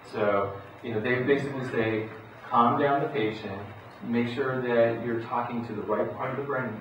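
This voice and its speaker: A middle-aged man giving a talk to parents in a folksy, relaxed way, full of restarts and acted-out quotes. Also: medium pitch. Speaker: psychologist speaking to parents. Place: school hall or auditorium. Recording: echoey hall, voice far from mic, dull sound, noisy.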